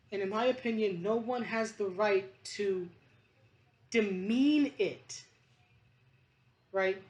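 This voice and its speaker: A woman vlogger talking in a rambling, passionate monologue, emphatic and choked up, with restarts and fillers. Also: mid-range voice.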